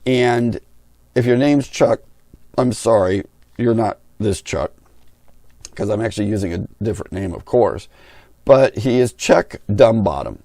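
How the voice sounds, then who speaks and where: Blunt, mellow-voiced man ranting. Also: on the low side, expressive, measured pace, gravelly, pauses often, dry recording, studio quality. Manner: blunt, opinionated, talks with his hands in words. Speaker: RC pilot and channel host. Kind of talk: candid storytelling rant.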